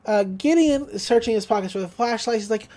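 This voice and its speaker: A woman's voice: a little high, fairly quick, mellow. A woman co-hosting a podcast, casually recapping an episode, laughing often and acting out quoted lines. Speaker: podcast co-host.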